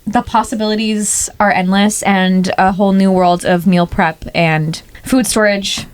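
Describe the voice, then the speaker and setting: Young woman cohost just chatting, upbeat, laughs a lot, middle pitch. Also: fairly even intonation, measured pace, clear, resonant tone. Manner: upbeat, laughs between sentences. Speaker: podcast co-host. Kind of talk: casual chat.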